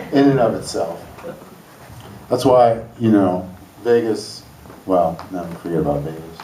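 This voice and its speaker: A stand-up comedian with a mid-range, dark voice rambles through a laid-back, loosely jokey set on an open stage in a school hall. The mic sits far off in the roomy space, picking up slight background noise and a laughing audience.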